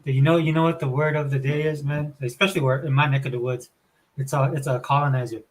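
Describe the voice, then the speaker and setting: A man talking in casual podcast chat, loose and fast, peppering his talk with "dude". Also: mid-range voice, flat delivery.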